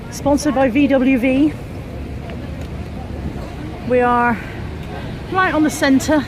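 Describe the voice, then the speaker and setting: A woman narrates a walking vlog as she goes, chatty and ready to laugh at herself. Her voice sits a little high, and she holds the camera in her hand outdoors. City traffic and street noise come through clearly behind her. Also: steady tone, takes it slowly, long pauses, a crowd in the background. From England, Bristol. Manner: chatty, self-mocking, narrating as she walks. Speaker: vlogger. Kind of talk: casual walk-and-talk vlog.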